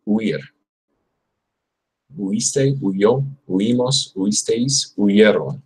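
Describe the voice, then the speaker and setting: A man's voice: fairly low pitch, animated, drawn-out words, darkish tone, slightly rough, low-quality recording. A young man on a livestream, practicing Spanish verb forms aloud and chatting casually with viewers in between. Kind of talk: casual livestream study session.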